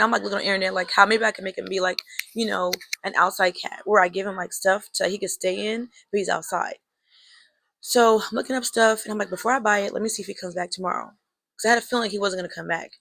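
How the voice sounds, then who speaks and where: A woman's voice: medium pitch, fairly even intonation, fairly quick, vocal fry, a bit bright, dry recording. A young woman telling a personal story to her viewers in a casual, chatty way, talking to them as girl and y'all and drawing a life lesson from it. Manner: reflective, draws life lessons.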